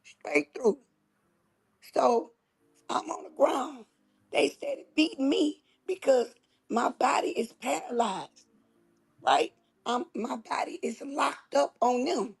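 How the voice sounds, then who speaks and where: A woman's voice: high-pitched, expressive, slow pace, gravelly, long pauses, breathy edge. A woman host, telling a story in casual chat, with emphatic, dramatic repetition. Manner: emphatic, dramatic retelling with repeated phrases.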